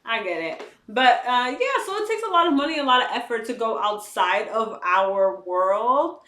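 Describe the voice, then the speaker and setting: An American woman co-hosting a podcast, chatting casually and lively, often trailing off mid-thought. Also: fairly high pitch, moderate pace, roomy sound. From United States. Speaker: podcast co-host. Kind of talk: casual chat.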